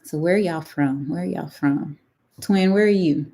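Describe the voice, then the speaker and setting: A woman's voice: low voice, normal speed, mellow. A middle-aged woman with a Texan accent, hosting a casual live-stream astrology talk and often checking in with her listeners. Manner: chatty, checks in with "right?" and "okay?".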